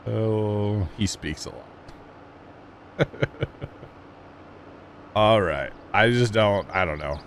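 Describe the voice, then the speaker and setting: A man's voice: lowish voice, drawn-out words, pauses often, slight background noise. A man livestreaming a farming game, talking casually and rambling to his chat, chuckling often. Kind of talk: casual chat while playing.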